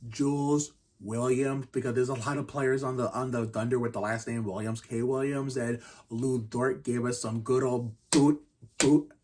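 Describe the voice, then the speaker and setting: A man in his thirties hosting a casual basketball review vlog, rambling and restarting often and keeping his voice quiet. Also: mid-range voice, fairly even intonation, moderate pace, hardly any pauses. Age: 30s. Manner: speaks quietly to keep the noise down. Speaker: channel host reviewing basketball games.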